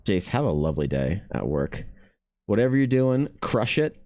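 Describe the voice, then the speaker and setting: A man's voice: on the low side, big pitch swings, moderate pace, a little mellow. A man streaming while he draws, chatting casually with viewers, swearing freely and running himself down. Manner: chatty, swears freely, self-deprecating, reacts to chat. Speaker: artist streaming while drawing. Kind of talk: casual livestream chat.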